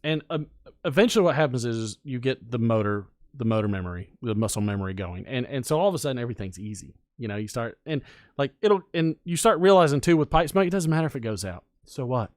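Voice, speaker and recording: Man, podcast host, casual chat, folksy and relaxed, mid-pitched voice, dry close sound. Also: fast, no room sound. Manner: relaxed, folksy, lots of "you know". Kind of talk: casual chat about pipe smoking.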